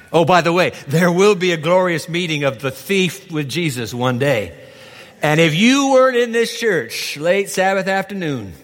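Animated preacher in a reverberant hall. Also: male voice, a little high. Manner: animated, acts out biblical dialogue. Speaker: pastor. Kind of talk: sermon. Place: large church hall.

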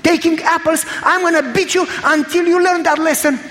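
A male preacher voicing an angry churchman father who shouts and scolds. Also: very high voice, steady tone, normal speed, big-room sound, pitched above the performer's own voice. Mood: angry shouting. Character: angry middle-aged churchman father with a belt.

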